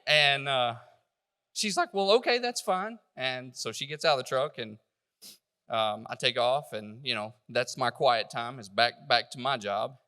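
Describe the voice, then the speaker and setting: Halting, emotional man with a bright voice. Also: mid-range voice, fairly even intonation, clear, resonant tone, big-room sound. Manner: halting and emotional, with stumbling restarts. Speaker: church member giving testimony. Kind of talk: personal testimony.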